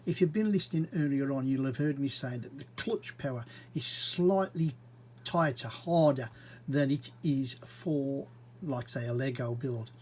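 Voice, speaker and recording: A man's voice: medium pitch, a little mellow, breathy edge, rough recording. A man giving casual, rambling commentary as he narrates his own brick model build. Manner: chatty, rambling, unhurried, with frequent fillers.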